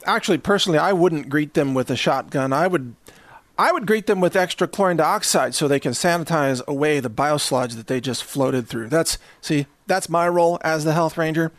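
A man's voice: fairly high pitch, normal speed, no echo. A man from the Southern US hosting a ranting monologue, sarcastic and chuckling between jabs. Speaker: host.

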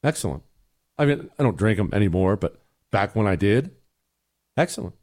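A man's voice: fairly low pitch, animated, normal speed, a little mellow. A middle-aged man hosting a talk show, giving blunt, exasperated opinions and answering listener emails.

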